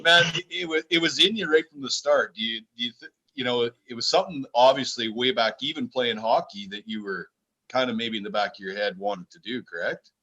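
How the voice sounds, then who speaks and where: A man co-hosting a podcast, reminiscing and asking questions in a chatty, halting way. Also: medium pitch, bright, forceful tone. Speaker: podcast co-host. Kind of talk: casual podcast chat.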